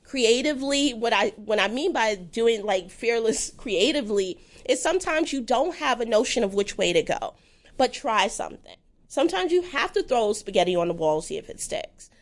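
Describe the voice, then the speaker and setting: Speaking at a moderate pace, this woman is a relaxed interview guest with an animated, self-deprecating style. She frequently jumps into high-pitched voices to mimic people.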